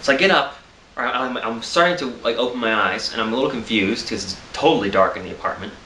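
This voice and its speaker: A man's voice: mid-range voice, quick pace, bright, forceful tone, roomy sound, a little hiss or hum. A tired man telling a rambling, self-amused story in a casual vlog, with frequent laughs and restarts. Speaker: vlogger.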